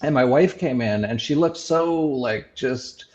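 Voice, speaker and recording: A man shares a personal story in relaxed conversation, stopping and restarting his sentences with plenty of fillers. His voice sits at an ordinary middle pitch. The audio is a little dull, as if through a modest lo-fi setup. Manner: halting, many fillers and restarts. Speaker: show host sharing his experiences. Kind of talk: casual reflective storytelling.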